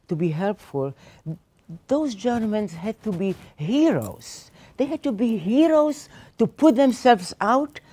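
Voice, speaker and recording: Her voice is husky and warm, sitting in the mid range. She is a Holocaust survivor in her eighties, addressing teachers at a seminar and telling her story with strong emotion and emphasis.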